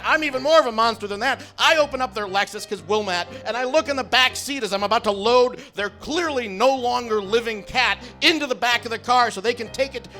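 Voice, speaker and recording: A middle-aged man telling a self-mocking comic story on stage in a wry, animated way. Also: very high-pitched.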